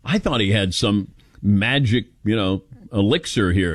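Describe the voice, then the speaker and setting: A man in his fifties hosts a call-in show in a fairly low voice that swings widely in pitch. He jokes and mocks himself as he talks. A dry studio microphone picks him up. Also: unhurried, no echo. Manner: animated, joking, self-mocking. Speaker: radio host. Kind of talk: call-in radio talk.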